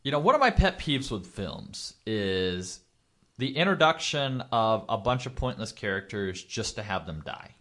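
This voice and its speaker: A man chatting casually about a movie on a podcast. His pitch rises and falls a lot, and he drops in dry, sarcastic remarks. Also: very animated, measured pace, a bit bright. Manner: wry, sarcastic asides. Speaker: podcast co-host. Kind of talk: casual movie review chat.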